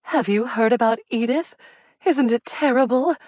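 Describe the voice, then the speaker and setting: A woman's voice: fairly high pitch, normal speed, darkish tone, no echo, voice pushed up, natural voice. A woman voicing a fussy, easily alarmed older female cousin in an audiobook. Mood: fretful. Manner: fretful and breathy with alarm.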